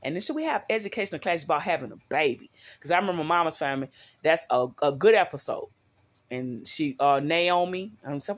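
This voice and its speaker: A woman's voice: sits low, animated, normal speed. A middle-aged woman talks straight to her viewers in a loose, rambling way. She is recorded on a phone at home and keeps turning to them with questions. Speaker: vlogger. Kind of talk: casual talk to viewers.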